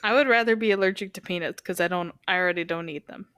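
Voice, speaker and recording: A woman's voice: on the low side, a bit bright, smooth, no echo. Young woman cohost, giggly storyteller, dry close sound. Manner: giggly, storytelling, quick bursts of laughter. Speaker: podcast co-host. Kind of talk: casual chat.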